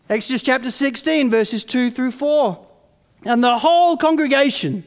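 Man, preacher, sermon, very high voice, gravelly, long echoing hall. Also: normal speed. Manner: animated, acts out grumbling voices. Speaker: pastor.

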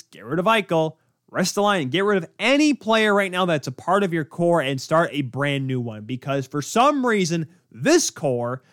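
A man's voice: on the high side, a bit bright, no echo, clean studio sound. A young man hosting a solo sports podcast, ranting in exasperation and firing off rhetorical questions. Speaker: podcast host.

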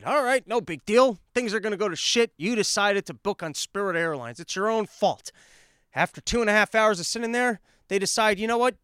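Male solo host, high smooth voice, ranting comic storyteller swinging from calm to loud, recorded dry. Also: no echo. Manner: animated, ranting, swings between calm and shouting. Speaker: podcast host. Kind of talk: solo comedic rant. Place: apartment.

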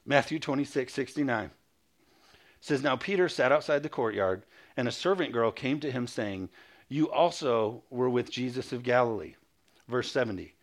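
A male pastor preaching a sermon, reading scripture aloud and calling for amens, with quick mocking asides. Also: mid-range voice, animated.

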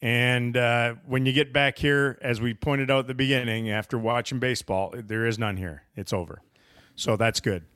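Podcast host, male, mid-pitched, wry and teasing, loose rambling delivery. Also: steady tone, moderate pace, a bit bright. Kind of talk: casual sports podcast chat.

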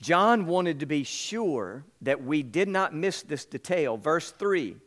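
A man's voice: on the high side, big pitch swings, slow, fairly bright tone. A man preaching a sermon as pastor, emphatic and repetitive, acting out the people in the story.

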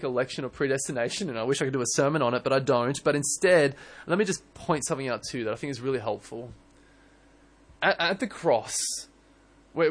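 A young man preaching a sermon in church, earnest and animated, often restarting his words. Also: on the high side. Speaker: pastor.

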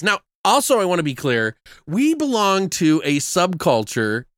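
A man co-hosting a casual chat, animated and jokey, swearing freely as he tells stories. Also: sits high, unhurried, no echo, clean studio sound. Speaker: podcast co-host.

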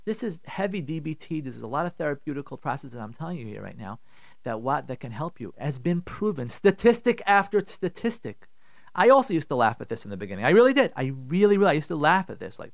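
Male rabbi radio host, middle-aged, fairly high voice, emphatic and repetitive, acts out complaints. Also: big pitch swings, fast talker, gravelly, dry recording, clean studio sound. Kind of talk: animated radio advice talk.

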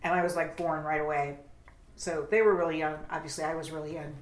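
A woman's voice: low-pitched, steady tone, fast. A woman co-hosting a podcast, chatting casually and encouragingly about wine. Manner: encouraging, brief affirmations. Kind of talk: casual chat. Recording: echoey room.

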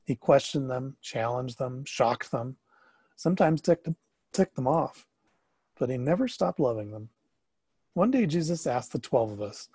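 A man narrating a story in the first person, expressive and sometimes rising to excited questions. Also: medium pitch, measured pace, husky, no echo.

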